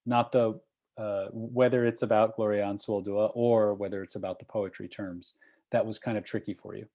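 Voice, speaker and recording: A man with a somewhat low voice teaches over a video call. He is patient and encouraging, and he checks in with his class again and again. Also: flat delivery, moderate pace, warm tone. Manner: patient, encouraging, checks in with frequent "okay?" and "right?". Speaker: course instructor. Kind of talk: online review session.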